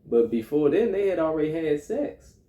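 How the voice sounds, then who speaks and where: A man casually retelling film scenes to his co-host, animated and a bit profane, acting out lines. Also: fairly high pitch, moderate pace, roomy sound, muffled recording. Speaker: movie review co-host. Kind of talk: casual chat.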